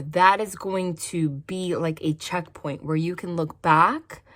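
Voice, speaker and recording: A woman's voice: on the low side, a bit bright. A woman tarot reader talking casually to her viewers about spiritual practice, stopping often to check in and correct herself. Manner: chatty, repeats "okay?", frequent small slips and self-corrections. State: cold, shivering. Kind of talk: casual spiritual talk to camera.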